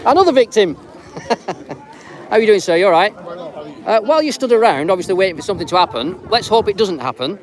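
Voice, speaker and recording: High-voiced man filming a live street vlog. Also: animated, fairly quick, long pauses. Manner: teasing, rambling, chatty. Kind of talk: casual street chat to camera. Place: outdoors on a busy street. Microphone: handheld camera. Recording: outdoor crowd noise. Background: crowd noise.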